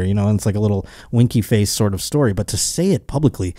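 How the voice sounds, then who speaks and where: A man's voice: fairly low pitch, fast talker, few pauses, warm tone, no room sound, clean studio sound. A man hosting a comedy podcast, rambling crudely and mocking people with put-on quotes. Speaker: podcast host. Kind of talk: casual comedic podcast banter.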